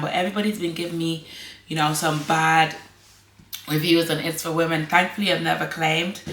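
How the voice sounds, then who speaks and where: An Irish woman chats to her camera at home in a rambling, friendly vlog way, laughing now and then. Her voice sits low but sounds bright and forward. The room around her is echoey. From Ireland. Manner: chatty and rambling, laughs often. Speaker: vlogger. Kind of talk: casual chat to camera.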